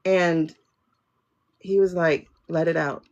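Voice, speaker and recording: A woman's voice: on the low side, steady tone, slow pace, darkish tone, muffled recording, a little hiss or hum. A woman hosting a spiritual livestream, chatting casually and talking straight to her viewers. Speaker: livestream host, tarot reader.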